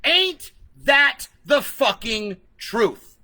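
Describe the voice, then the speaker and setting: High, bright-voiced profane ranting man. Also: big pitch swings, very slow, low-quality recording. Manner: profane, combative, emphatic. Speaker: vlogger. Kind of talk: ranting vlog, reading comments.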